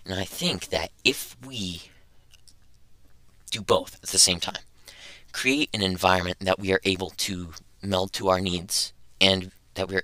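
A man's voice: sits low, pushed and bright, clean tone, no echo, poor audio. A young man hosting a casual podcast, rambling and thinking aloud as he goes. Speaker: podcast host.

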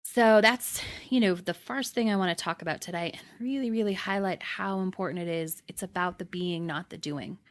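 Chatty woman coach with a lowish voice. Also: normal speed, few pauses. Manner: conversational, repeats "right?" and restarts often. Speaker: podcast host and manifesting coach. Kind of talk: casual teaching monologue.

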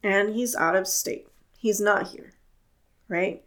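A woman's voice: medium pitch, slow pace, fairly bright tone. A woman hosting her own podcast, speaking in a candid solo monologue with an earnest, impassioned, plain-spoken manner. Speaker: podcast host.

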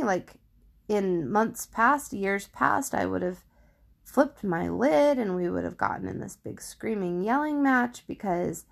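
A middle-aged woman speaks into a studio microphone on her faith podcast. Her voice carries a gravelly texture, and she takes her time, working through a personal story in a reflective way and circling back on her own words. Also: mid-range voice, animated, measured pace. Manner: candid, reflective storytelling with frequent restarts. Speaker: podcast host.

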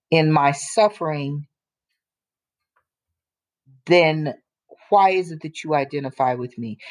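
Blunt, emphatic woman, low voice. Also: a little mellow. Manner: emphatic, blunt, drops into slow deliberate points. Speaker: co-host. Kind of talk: casual opinion chat.

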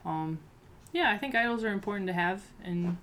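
A woman's voice: mid-range voice, animated, a little fast, a bit bright, a little hiss or hum. A woman hosting a casual conversation, upbeat and encouraging. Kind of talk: casual chat.

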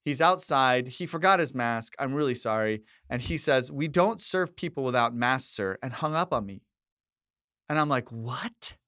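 A man's voice: medium pitch, moderate pace, clear, resonant tone, no room sound, studio quality. A middle-aged man co-hosting a podcast, telling a story in casual chat and acting out the back-and-forth of what was said. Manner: animated storyteller who acts out quoted exchanges. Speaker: podcast co-host.

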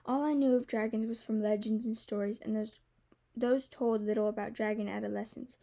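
Mellow-voiced woman narrating a novel. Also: fairly high pitch, steady tone, brisk, vocal fry. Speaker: audiobook narrator. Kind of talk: first-person scripted narration.

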